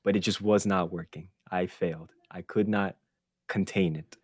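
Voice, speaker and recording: A podcast host with a somewhat low, husky voice tells a story in a loose, animated, swearing-heavy style, laughing now and then. He speaks at a moderate pace, and the recording is close and dry with no room sound.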